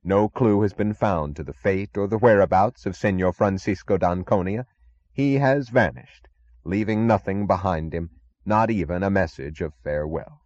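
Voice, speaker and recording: A man's voice: low-pitched, a little mellow, no room sound, lightly acted. Man reading as a formal radio announcer. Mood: grave. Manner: measured, formal broadcast delivery. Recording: dull lo-fi audiobook recording.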